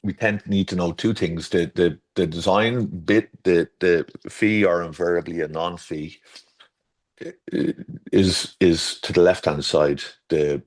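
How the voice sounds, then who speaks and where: A man's voice: low voice, fairly even intonation, a little slow. A man from Ireland, a garden designer guest in a casual interview chat, rambling and correcting himself as he tells stories. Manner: rambling and self-correcting, with storytelling asides.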